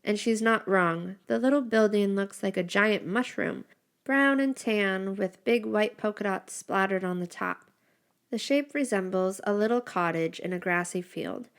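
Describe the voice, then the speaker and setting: Woman reading a story out loud, expressive, mid pitch. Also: measured pace, clean tone. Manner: expressive, descriptive. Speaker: narrator. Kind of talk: first-person story narration.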